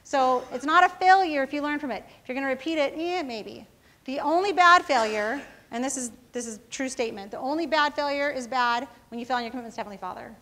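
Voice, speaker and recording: A woman's voice: high voice, quick pace, bright, forceful tone. A woman who founded a company, giving a casual motivational talk to students, telling self-mocking stories and often checking in with the audience. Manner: casual storytelling, often asking the audience "right?".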